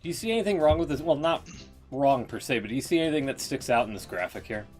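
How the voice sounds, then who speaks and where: A man's voice: medium pitch, lively intonation, fast, darkish tone, faint music behind. Dry-voiced man steering a podcast chat. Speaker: podcast co-host. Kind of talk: casual chat.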